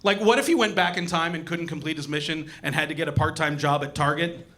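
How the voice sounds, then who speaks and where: A young man performing a stand-up comedy set on a club stage, animated and acting out the voices of the people in his jokes. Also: a little high, fast. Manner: animated, acts out voices and punchlines.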